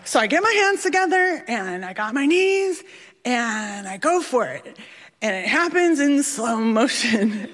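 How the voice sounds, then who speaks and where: A woman telling a personal story on stage with an animated, self-deprecating comic delivery. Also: a little high. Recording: reverberant hall.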